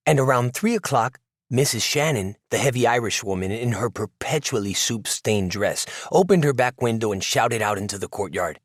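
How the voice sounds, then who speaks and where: A man narrating a novel in the first person, in a reflective, measured way. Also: mid-range voice, lively intonation, no echo, clean studio sound. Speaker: audiobook narrator. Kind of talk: scripted narration.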